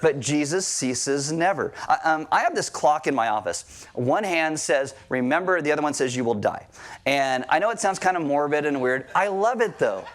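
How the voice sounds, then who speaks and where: A man's voice: a little high, animated, normal speed, few pauses. A married man preaching a sermon to a church congregation, talking casually, asking the crowd questions and joking lightly. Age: adult, married. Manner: conversational, asks the crowd questions and jokes lightly. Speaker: pastor. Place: church service before a congregation.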